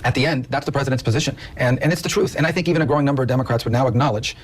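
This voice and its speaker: Man, government official, interview clip, very fast delivery, firm, insistent, mid-pitched. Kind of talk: press interview answer.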